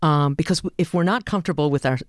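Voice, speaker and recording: A woman speaking as a guest in an interview, an animated storyteller who acts out quoted dialogue. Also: low voice, fast talker, no echo, studio quality. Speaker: hospice and palliative care advocate. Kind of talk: interview conversation.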